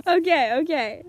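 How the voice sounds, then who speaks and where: A woman's voice: very high-pitched, no room sound. A young New woman filming a casual farm vlog on a handheld camera in a paddock, chatting and giggling at the lambs. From New Zealand. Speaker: vlogger. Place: outdoors in a paddock among sheep. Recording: outdoor camera audio with bleating sheep. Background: bleating sheep and lambs.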